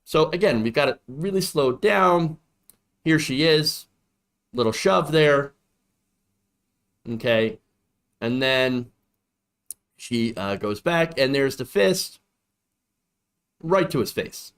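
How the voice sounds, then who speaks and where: A man's voice: mid-range voice, expressive, slow pace, pauses often, a bit bright, clean tone. A man hosting a political commentary show, talking emphatically and repeating points for effect.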